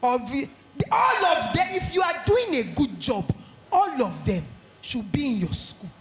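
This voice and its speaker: A middle-aged woman with a Nigerian accent giving a lively motivational talk at an education conference, acting out little scenes. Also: sits high, measured pace, echoey room, a little hiss or hum. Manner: animated, acts out little scenes in quoted voices.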